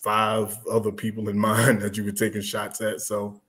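A man's voice: on the low side, completely flat delivery, normal speed, fairly bright tone. A man co-hosting a casual chat, talking loosely, laughing often and trailing off mid-thought. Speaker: podcast co-host. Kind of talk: casual chat about rap.

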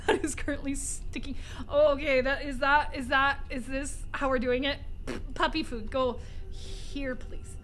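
High, bright-voiced excitable woman streamer. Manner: excitable, swears and laughs often, jokey asides to chat. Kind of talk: live gameplay commentary.

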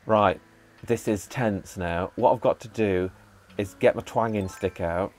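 A man giving casual commentary while playing a video game, chatting to himself and to the characters with excitable bursts. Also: fairly low pitch, measured pace. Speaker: gaming channel host. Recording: faint background music.

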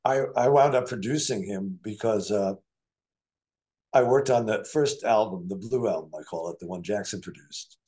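A man's voice: lowish voice, moderate pace. An older man telling stories from his career as a musician and producer in a casual interview, acting out quoted voices. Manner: animated storyteller, acts out quoted voices.

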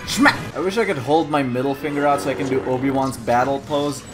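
A young man narrates his VR gameplay in a playful, jokey way, trash-talking enemies and shouting when the fights heat up. His pitch sits in a middle range. Game music plays loudly behind him. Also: fairly even intonation, fast talker. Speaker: gaming YouTuber. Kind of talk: excited VR gameplay commentary. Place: home, playing VR.

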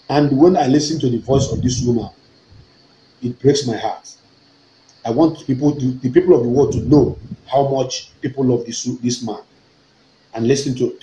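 A man's voice: mid-range voice, warm tone, echoey room, a little hiss or hum, poor audio. A man with a Nigerian accent giving an impassioned, emphatic political talk, often repeating himself and rising to fervent outbursts. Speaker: online activist broadcaster.

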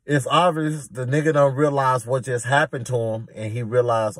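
A man's voice: mid-range voice, fairly even intonation, moderate pace, hardly any pauses, fairly bright tone, dry recording. A man telling a prison story in a casual, emphatic, streetwise way.

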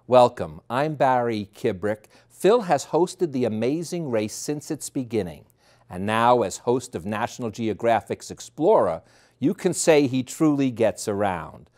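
A man's voice: mid-range voice, big pitch swings, measured pace, darkish tone. A man with a New York accent hosting an interview show, friendly and laughing often.

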